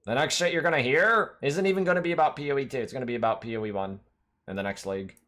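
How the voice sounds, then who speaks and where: A man's voice: medium pitch, racing, fairly bright tone. A man streaming a game, talking casually to his chat in a rambling, profanity-laden rant that keeps circling back to one point.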